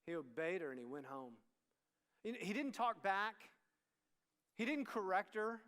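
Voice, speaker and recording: A man's voice: high-pitched, lively intonation, a little slow, a bit bright. A man preaching to a student ministry in a conversational sermon, often acting out the lines of the people in the story. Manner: conversational, acts out dialogue. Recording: long hall reverb.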